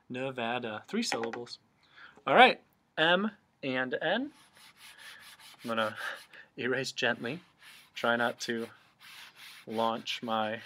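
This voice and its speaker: Male teacher for a cursive lesson, unhurried and patient, mid-pitched voice. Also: bright, forceful tone. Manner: patient, step-by-step explaining. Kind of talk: remote handwriting lesson.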